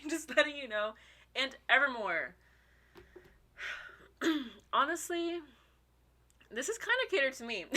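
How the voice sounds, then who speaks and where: A young woman in casual vlog commentary, excitable and gushing, swearing casually and a little out of breath. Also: medium pitch. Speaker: fan ranking songs.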